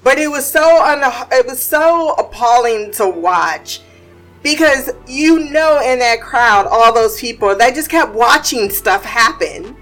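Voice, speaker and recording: Woman, fairly high voice, blunt swearing series commentator, laughs often, faint music behind. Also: animated, measured pace, fairly bright tone, poor audio. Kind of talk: casual reaction commentary.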